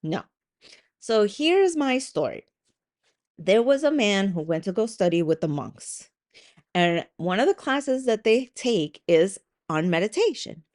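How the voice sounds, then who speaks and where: A woman's voice: mid-range voice, very animated, measured pace, darkish tone. A woman hosts her own podcast in a loose, conversational way. She tells a story with plenty of "like" and "um," swears now and then, and slips into little voiced asides. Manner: conversational, with frequent likes and ums. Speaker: podcast host and coach. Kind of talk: casual solo podcast talk.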